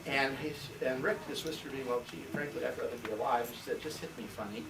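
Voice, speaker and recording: A man's voice: medium pitch, fast, vocal fry, crowd noise. Older man telling stories in a roomy classroom. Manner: rambling anecdotal storyteller, acts out quoted voices. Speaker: retired history teacher. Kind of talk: storytelling on a school tour. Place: school classroom, indoors. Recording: roomy, distant, noisy camcorder sound.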